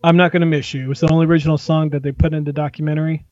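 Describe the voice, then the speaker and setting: A man's voice: a little high, level tone, darkish tone, muffled recording. A man co-hosting a casual movie podcast, giving opinionated, profane awards predictions. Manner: opinionated, rapid, swears freely.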